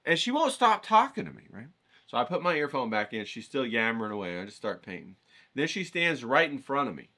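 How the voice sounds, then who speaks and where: A man telling a casual, rambling story, animated and acting out the voices of the people in it. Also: mid-range voice, a little fast. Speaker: painting vlogger.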